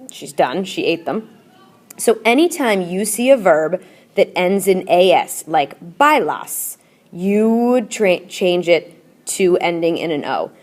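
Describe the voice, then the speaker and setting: A woman's voice: fairly low pitch, animated, measured pace, darkish tone. A woman teacher in a recorded classroom video lesson, explaining patiently and repeating drills and chants. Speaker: Spanish teacher.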